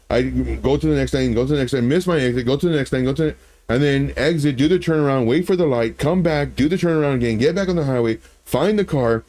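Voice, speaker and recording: A man's voice: mid-range voice, darkish tone. Rambling man hosting a casual stream. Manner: rambling, storytelling, many restarts. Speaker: livestream host. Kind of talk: casual livestream chat.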